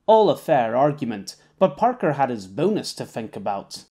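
A man reading an audiobook in a medium-pitched voice. His storytelling is steady with a wry touch. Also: normal speed, hardly any pauses, breathy edge. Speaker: audiobook narrator. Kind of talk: scripted narration.

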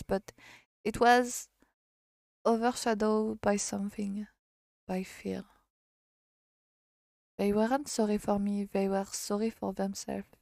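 A streamer from France with a French accent reading a visual novel aloud, halting and correcting herself as she goes. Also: mid-range voice, vocal fry, dry recording.

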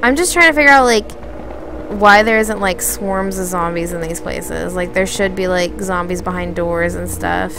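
A young woman streaming a survival game, chatting to herself with lots of fillers, slipping into high panicked pleading at times. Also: normal speed, noisy background. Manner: chatty, filler-heavy, talks to herself while exploring; panicked high-pitched pleading when attacked. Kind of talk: casual live-stream commentary.

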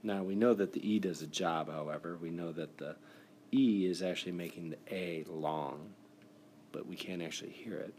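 A man's voice: sits low, normal speed, darkish tone, a little hiss or hum. A man recording a screencast spelling lesson, explaining the steps in an encouraging, patient way. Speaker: teacher. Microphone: device mic for screen recording.

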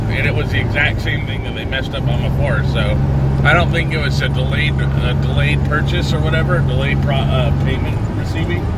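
High-voiced young man vlogging. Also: very noisy. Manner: loose and chatty, with frequent "uh" fillers. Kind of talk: casual vlog chat. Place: home and car.

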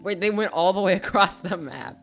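A young man hosting a casual gaming video, excitable and quick to laugh, yelling frantic calls for help in tense moments. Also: high voice, gravelly, faint music behind. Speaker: gaming channel host.

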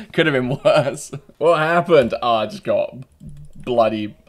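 A young British man giving cheeky gameplay commentary, laughing often and breaking into loud taunting yells. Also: mid-range voice, expressive, slow. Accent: British English. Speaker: gaming YouTuber.

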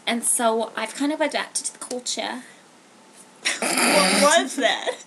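In a comedic improvised chat sketch, a woman co-host plays a chatty, scatterbrained bargain-hunting lady who rambles, giggles and repeats a catchphrase, in a mood of rambling gossip. Her voice is on the high side and slow, against a noisy background.

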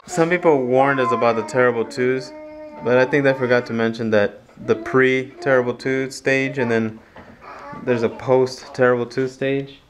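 A man's voice: medium pitch, steady tone, normal speed, a crowd in the background. A young man chatting on a home vlog in a goofy, joking way. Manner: goofy, jokes in odd voices. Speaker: husband and vlog co-host. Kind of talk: casual home vlog chat.

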